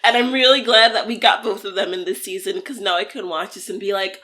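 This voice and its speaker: Enthusiastic young woman podcast co-host, bright clear voice, gushing casual chat. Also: medium pitch, steady tone, a little fast.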